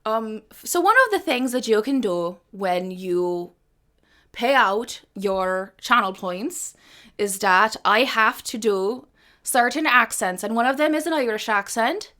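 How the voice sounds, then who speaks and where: A woman hosts a live music stream, chatting casually between songs, rambling, swearing freely and making fun of herself. Her voice is a little high and expressive, with a sharp tone and a slightly slow pace. She's both the stream's host and its singer.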